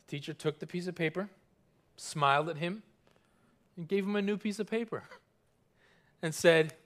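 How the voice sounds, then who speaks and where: Male pastor, high-pitched voice, earnest emphatic sermon delivery, slows for scripture, call-and-response. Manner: slows down on scripture, stressing single words.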